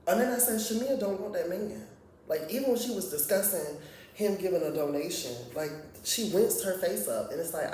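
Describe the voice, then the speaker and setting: Profane, animated man in an echoey room. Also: a little high, far from the mic, a little hiss or hum. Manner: profane, animated, laughs often. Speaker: reality TV reviewer. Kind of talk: casual recap commentary.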